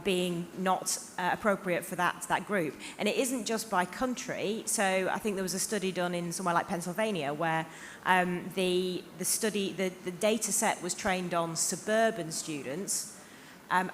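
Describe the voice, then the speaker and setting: A woman from the north of England talks on a conference panel, with frequent ums and restarts. Her voice sits fairly low, and a long hall reverb surrounds it. A faint hiss lies underneath. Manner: hesitant, filler-heavy. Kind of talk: panel discussion.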